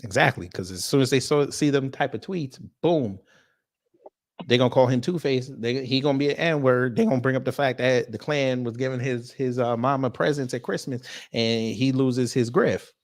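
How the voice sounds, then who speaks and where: A man's voice: mid-range voice, normal speed. A man hosting casual commentary, blunt and mocking, slangy and swearing, talking straight to the audience. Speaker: host.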